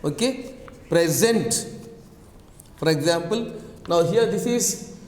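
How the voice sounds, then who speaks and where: Slow, repetitive man teaching in an echoey room. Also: high voice, expressive. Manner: repetitive, drills words slowly. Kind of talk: classroom lesson on word stress. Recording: echoey long-reverb room.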